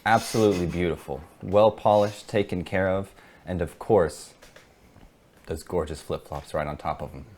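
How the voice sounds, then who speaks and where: A man playing a tabletop game, describing his character at an easy, halting pace. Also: low voice. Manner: relaxed, halting description with fillers. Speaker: player.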